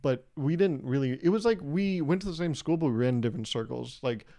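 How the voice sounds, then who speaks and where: Pikachu, the little electric creature, talks like any candid office guy as a man voices him. He chats on in a plain, rambling way with a mellow, warm tone. It sounds like a comedy podcast bit. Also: mid-range voice, expressive, fairly quick, creaky. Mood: matter-of-fact. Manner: plain everyday voice, chatty, rambling. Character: Pikachu as an articulate, candid male office worker.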